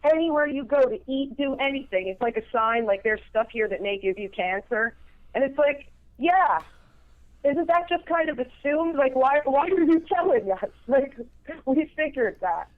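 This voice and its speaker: A woman from New Jersey with a fairly high voice chats casually on a podcast. She swears easily and sounds laid-back, heard through a tinny, phone-like line. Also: animated, moderate pace.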